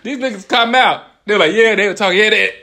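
A man's voice: high-pitched, fast talker, sharp tone. A young man co-hosting a podcast, telling stories in casual chat, laughing often and swearing freely. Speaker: podcast co-host.

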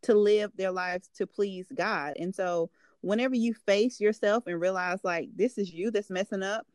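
A woman's voice: medium pitch, normal speed, darkish tone, no room sound. A woman hosting a faith podcast, affirming and encouraging her guest in casual talk. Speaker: podcast host.

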